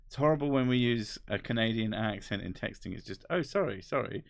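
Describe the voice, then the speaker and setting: Dry, low-voiced English man, swearing and wry. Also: fairly quick, vocal fry, no room sound. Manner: swears casually, rambling and wry. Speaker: host. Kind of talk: casual chat reading comments.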